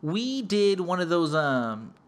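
A man's voice: sits high, big pitch swings, slow pace. A man hosting a podcast, telling a long casual story in a profane, rambling, laid-back way.

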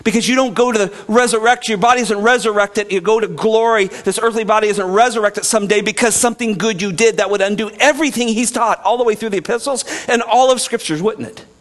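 A pastor preaching a sermon in an earnest way, dropping soft and slow, then rising loud and emphatic. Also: male voice, sits high.

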